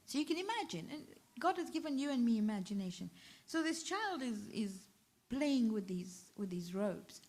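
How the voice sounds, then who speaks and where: A woman with a British accent delivers a majlis sermon in a fairly high voice. She tells the story with feeling and acts out each quoted line of dialogue. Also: expressive, normal speed, darkish tone. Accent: British English. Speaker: zakira. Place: ladies' majlis hall.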